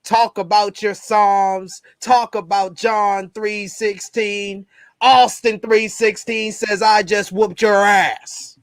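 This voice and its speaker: A man doing a gruff Southern male wrestler who cuts a boastful, threatening promo in a put-on drawl. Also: high-pitched, level tone, dry recording, studio quality. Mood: menacing. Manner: growling threats, drawn-out boasts.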